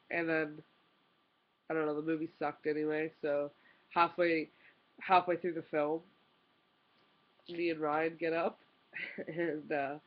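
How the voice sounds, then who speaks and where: A woman's voice: low-pitched, muffled recording. A young woman vlogger telling a story in an exasperated, rambling way, full of "like" and restarts. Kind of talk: casual storytime rant.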